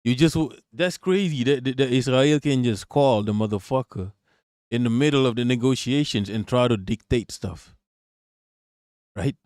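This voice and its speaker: A man hosting a casual livestream, reacting to a video and shouting out his chat in slangy, profane talk. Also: mid-range voice, moderate pace, no room sound, studio quality.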